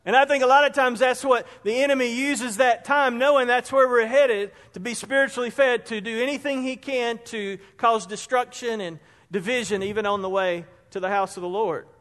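A man's voice: very high voice, steady tone, moderate pace, fairly bright tone. A man preaching a conversational sermon as pastor, acting out everyday examples to make his points. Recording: long hall reverb.

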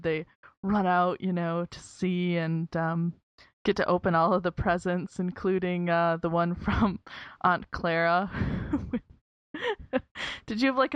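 A woman's voice: fairly low pitch, smooth, no room sound, highs cut off. A woman with an American accent hosting a podcast, chatting casually with frequent laughs. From United States. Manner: giggly, chatty, full of fillers. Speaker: podcast host. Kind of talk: casual chat.

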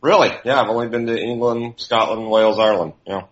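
A man chatting casually as a podcast co-host, making dry deadpan jokes. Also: lowish voice, fast. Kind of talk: casual chat. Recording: dull lo-fi recording.

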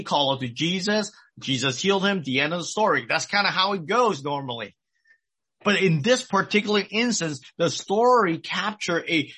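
A man's voice: on the high side, bright, forceful tone, slightly rough. A middle-aged man preaching a sermon, retelling a story earnestly and repeating his key points. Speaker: pastor.

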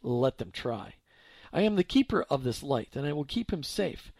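A man voicing Joseph as a determined, protective husband who speaks firmly in a deeper voice. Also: very animated, moderate pace, darkish tone, no echo. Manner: firm, deeper voice.

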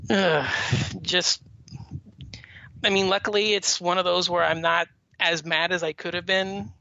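A man's voice: sits high, steady tone, measured pace, creaky, sharp tone, dry recording. A man talking as a podcast guest, telling a long story in a rambling way with many fillers and restarts. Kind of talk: casual chat. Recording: dull lo-fi audio with faint noise.

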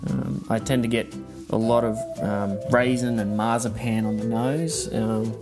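A man with an Australian accent, a podcast listener answering interview questions in a measured, thoughtful way with frequent ums. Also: lowish voice, steady tone, music in the background.

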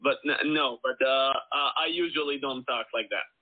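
A man from Israel, a musician guest in an interview, joking around in a playful, relaxed way. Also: medium pitch, normal speed. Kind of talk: casual interview chat. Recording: tinny phone-like sound.

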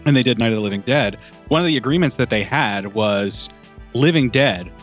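A man's voice: medium pitch, lively intonation, fairly quick, fairly bright tone, dull audio, soft background music. A man chatting casually about an old horror film, talkative and loose, filling his sentences with "like" and "you know". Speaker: film podcast co-host.

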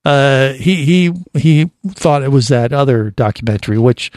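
A man's voice: medium pitch, animated, moderate pace, a little mellow, dry recording. A man hosting a radio show, chatting in a casual, rambling and joking way in a studio. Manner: jokey, rambling banter.

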